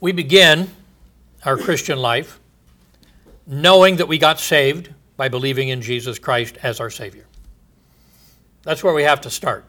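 A man with a somewhat high, sharp-toned voice preaches a sermon in an earnest, teaching manner. He poses rhetorical questions and pauses for emphasis.

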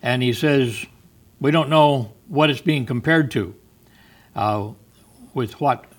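A man leading a Bible study, explaining the meaning of words step by step. He talks at an ordinary pitch, with frequent ums and restarts as he works through each thought. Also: slow pace. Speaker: Bible teacher.

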